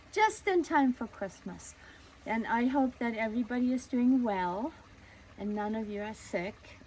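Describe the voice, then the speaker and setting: Gentle woman telling a childhood story. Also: mid-range voice, slight background noise, low-quality recording. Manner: gentle, conversational, with fillers and restarts.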